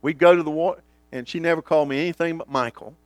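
A male pastor preaching a sermon, swinging from booming lines to hushed ones and acting out the voices he quotes. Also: quick pace, no room sound.

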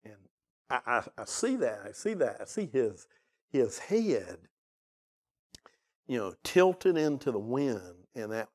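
A husky, darkish mid-range male voice belongs to a pastor who recounts an emotional personal story in his sermon. He then turns to his church with urgent questions and a prayer, speaking in the sanctuary.

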